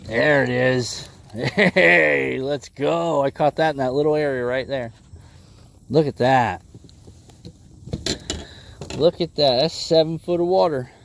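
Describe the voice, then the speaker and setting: A man livestreaming bass fishing from a boat on a lake, chatting with viewers in an easygoing way and talking excitedly to the fish as he reels it in. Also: slow, creaky, long pauses, a little hiss or hum. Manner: excitable, talks to the fish and chat. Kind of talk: casual live commentary while fishing.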